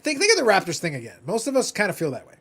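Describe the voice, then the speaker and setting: Sarcastic man with a lively, jumping pitch. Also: racing, breathy edge. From Canada. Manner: sarcastic, teasing, dramatic swings between mutters and loud outbursts. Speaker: co-host reading chat. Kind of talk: casual live-stream chat.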